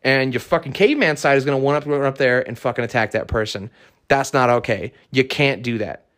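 A young man talks alone into the mic as host of his own show, blunt and opinionated, swearing freely in loose, casual speech. His voice sits in an ordinary middle pitch. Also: a little fast, fairly bright tone. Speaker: podcast host. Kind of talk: casual solo podcast rant.

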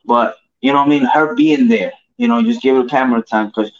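A man co-hosting a casual wrestling chat, rambling and slangy, filling every pause with "you know what I mean.". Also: medium pitch. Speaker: podcast co-host. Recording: dull lo-fi audio.

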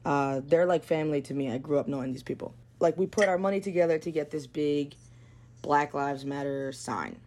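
A woman's voice: deep voice, a little fast, darkish tone. A young woman from New talks. She tells her story bluntly and casually, swearing often and leaning on "like". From New York. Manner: blunt and profane, lots of "like". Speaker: guest.

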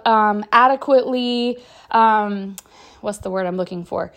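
A woman's voice: mid-range voice, unhurried, a bit bright. A young adult woman hosting a motivational podcast, speaking in an upbeat, encouraging and chatty way with many fillers. She is slightly out of breath. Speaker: podcast host.

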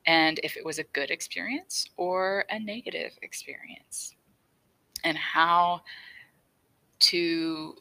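A woman's voice: deep voice, vocal fry, bright, forceful tone, poor audio. A young woman hosting her own podcast, chatting casually and laughing often as she tells a story. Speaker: podcast host. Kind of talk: casual solo podcast talk.

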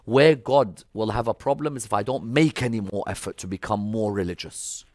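A man preaching a religious sermon, swinging between loud emphatic appeals and hushed storytelling. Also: lowish voice, normal speed, no room sound, studio quality.

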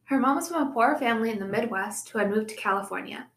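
A young woman co-hosting a podcast tells a true-crime case casually, sprinkling in chatty asides. Her voice is a little high and fairly bright, and she speaks at a quick pace. The room sounds echoey.

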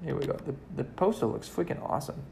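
A man's voice: fairly high pitch, animated, fast talker, creaky, darkish tone. A young man hosting a solo podcast, rambling and correcting himself, and getting worked up as he talks. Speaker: podcast host.

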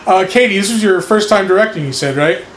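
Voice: mid-range voice, lively intonation, fairly quick. A podcast host casually steering the talk back to questions for the guests. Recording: echoey room, faint noise.

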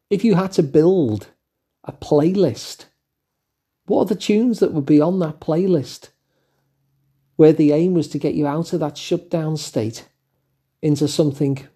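Gentle, mellow-voiced older English man. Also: on the high side, husky. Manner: gentle, musing, with fillers and asides. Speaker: host. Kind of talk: reflective solo talk.

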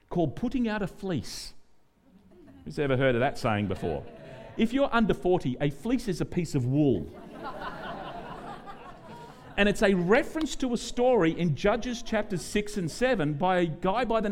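A middle-aged Australian man preaching as a guest pastor, animated and joking, acting out the prayers and quotes he tells. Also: high-pitched, moderate pace, slight background noise. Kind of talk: sermon.

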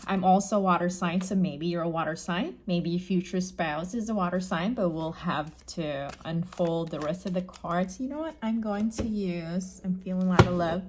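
A woman giving a casual tarot reading to camera, chatty and gentle, often restating her phrases. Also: on the low side. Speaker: psychic tarot reader.

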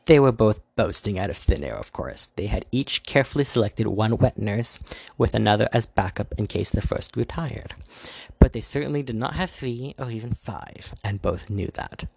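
A man reads a fairy tale aloud with a low, gravelly voice and a husky edge. The sound is dry and close, and he reads casually, adding his own asides. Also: expressive, moderate pace, darkish tone, no room sound. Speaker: reader. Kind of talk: storybook reading.

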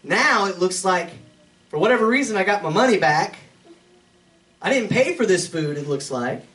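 A man's voice: high voice, animated, normal speed, fairly bright tone, far from the mic, low-quality recording. A man as a pastor, teaching a Bible passage verse by verse in a conversational way, with chuckling side remarks. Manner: conversational, chuckling asides between readings.

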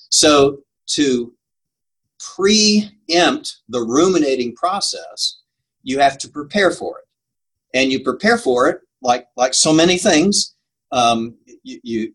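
In a low-quality recording, an older preaching coach is interviewed about his craft. His medium-pitched voice is fairly bright and a little rough, and he speaks earnestly and emphatically, sometimes laughing at himself.

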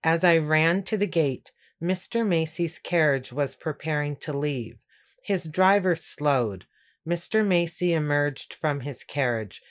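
Woman narrating a first-person story. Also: deep voice. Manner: steady, measured storytelling. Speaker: audiobook narrator.

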